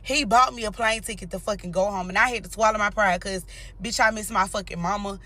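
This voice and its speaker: A woman's voice: medium pitch, steady tone, fast talker, pushed and bright. A young woman telling a personal story straight to her viewers, blunt and full of cursing. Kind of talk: casual storytime vlog.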